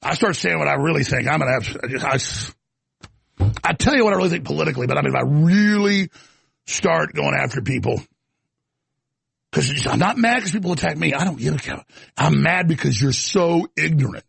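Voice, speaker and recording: A middle-aged man hosting a radio talk show, ranting and shouting with a gravelly, raspy voice. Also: on the high side, expressive, no room sound. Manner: shouting, ranting, fast restarts. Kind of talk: heated on-air rant and call-in.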